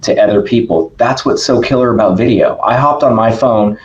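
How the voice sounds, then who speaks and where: A man talking as a podcast guest in casual conversation, energetic and emphatic, often checking in with "right?". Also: lowish voice, brisk, lo-fi sound.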